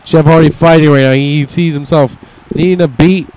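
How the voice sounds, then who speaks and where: A young man calls a wrestling video game match like a play-by-play announcer, in a smooth, clear voice pitched a touch high. He talks casually, swears freely and drops into little asides that voice what the wrestlers are thinking. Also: steady tone, normal speed, a little mellow, poor audio. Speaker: gameplay commentator.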